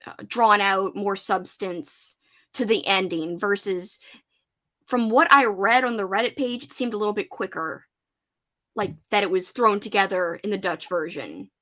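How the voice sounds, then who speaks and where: At a normal speed, a young woman hosting a casual chat speaks in a bright, forceful mid-range voice. Her American Louisiana accent is subdued, and she laughs often amid lots of fillers.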